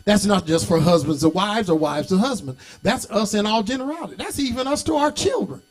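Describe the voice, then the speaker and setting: A middle-aged bishop with a strikingly high voice, preaching to his congregation. He moves from folksy storytelling into shouted, sing-song calls and talks straight back to the crowd. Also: animated, brisk. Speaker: bishop and pastor. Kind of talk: sermon.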